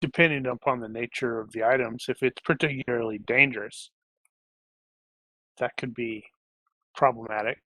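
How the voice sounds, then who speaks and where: A man playing a tabletop role-playing game, talking in a slow, deliberate, casual way. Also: medium pitch, steady tone, pushed and bright, no room sound. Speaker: player.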